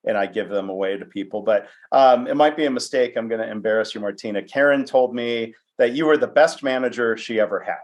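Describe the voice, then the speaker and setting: A man's voice: mid-range voice, brisk, few pauses. A man hosting an interview podcast, chatty and self-deprecating, with frequent fillers. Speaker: podcast host. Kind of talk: conversational interview.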